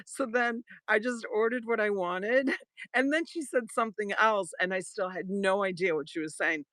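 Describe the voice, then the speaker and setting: A woman's voice: mid-range voice, fairly bright tone, no echo. A middle-aged woman from Boston, hosting a live sale and telling rambling stories with frequent laughs. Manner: rambling storyteller, laughs often, quick asides. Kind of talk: casual live-stream sales chat.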